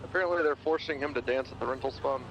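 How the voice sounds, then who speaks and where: A man playing a police officer, giving rapid situation reports over the radio. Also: medium pitch, a little hiss or hum. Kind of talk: role-play police radio calls. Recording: dull lo-fi in-game radio.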